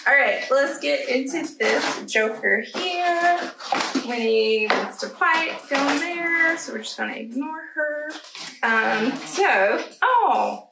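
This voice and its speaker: A woman's voice: high voice, gravelly, bright, forceful tone, a little hiss or hum. A woman vlogger chatting casually at home, giggling and trailing off into asides to her pets. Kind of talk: casual haul chat to camera. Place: at home, indoors. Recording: roomy, slightly distant home audio.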